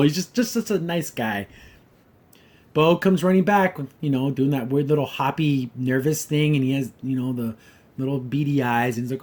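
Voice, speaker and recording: A man's voice: a little high, a little mellow. A man hosting a podcast, giving a casual, rambling and wry review of a cartoon episode. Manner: rambling, hedges often with "kinda" and "like"; wry and critical.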